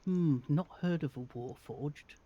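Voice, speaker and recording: A man's voice: on the high side, measured pace, dull audio. A man voicing Golder, a wild but friendly male dwarf sailor with a Scottish accent who likes to drink. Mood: jovial.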